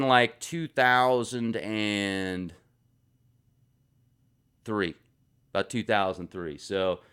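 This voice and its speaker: A man hosts a comedic comment-reading vlog, teasing his viewers with sarcastic, playful replies. His pitch sits mid-range but swings widely as he reacts. He sounds energetic and animated. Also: smooth. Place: home garage.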